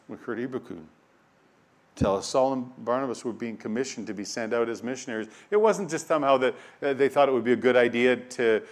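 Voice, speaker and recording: A man preaching a sermon. He reads scripture aloud and repeats key phrases, moving between quiet passages and loud, emphatic ones. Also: medium pitch. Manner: dynamic preaching, swinging from hushed to loud and emphatic.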